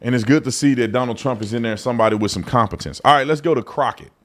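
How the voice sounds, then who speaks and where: A man's voice: mid-range voice, fast. A man from Texas with a Texan accent, hosting a live political commentary show in a blunt, mocking, slangy way. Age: adult. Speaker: host.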